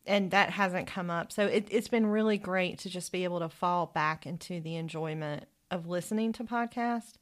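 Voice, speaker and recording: A woman's voice: lowish voice, moderate pace, few pauses. A woman co-hosting a podcast in casual, reflective chat, laughing easily. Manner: chatty, laughs often, reflective. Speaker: podcast co-host.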